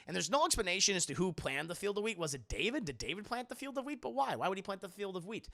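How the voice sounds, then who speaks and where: Guy ranting through a movie recap to his chat, lots of cussing, fry-heavy voice, bright. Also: high-pitched, sing-song, quick pace. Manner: rambling, profane, laughing, acting out scenes. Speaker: streamer reviewing a film. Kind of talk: casual spoiler review to live chat.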